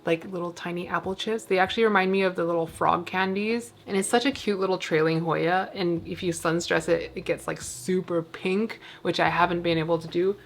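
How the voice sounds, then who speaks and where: A woman with a slightly low voice talks casually while she works through her plant cabinet at home. She rambles and fills her sentences with "like". Her tone stays easygoing and chatty. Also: steady tone, brisk, hardly any pauses, a little hiss or hum. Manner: chatty and rambling, full of "like" fillers. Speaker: plant vlogger.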